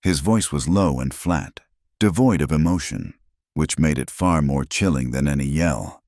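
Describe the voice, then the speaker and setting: A man narrating a western story in a measured, solemn scripted delivery. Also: rumbling low, a little mellow, no room sound, studio quality.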